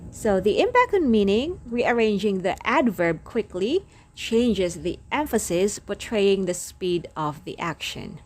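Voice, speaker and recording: A woman teacher reading lecture notes aloud, going through example sentences slowly and deliberately. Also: medium pitch, very animated, darkish tone.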